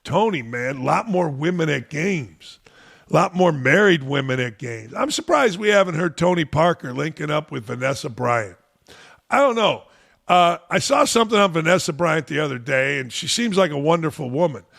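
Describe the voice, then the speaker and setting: A man's voice: a little high, expressive, moderate pace, creaky, a bit bright. A man hosting a sports talk show, delivering a sarcastic, mocking commentary rant.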